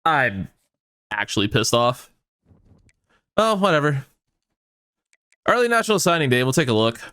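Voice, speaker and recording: A man commenting on his own football video game dynasty, excitable and swearing often as his mood swings between hype and outrage. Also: mid-range voice, normal speed, dry recording, clean studio sound. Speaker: gaming YouTuber. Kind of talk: let's play commentary.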